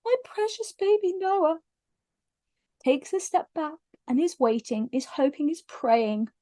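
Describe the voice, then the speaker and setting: A woman's voice: sits high, big pitch swings, measured pace, warm tone. A woman casually reviewing a book on her vlog, retelling the story in a gushing, emotional way and stumbling over her words when moved. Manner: frequent restarts when moved.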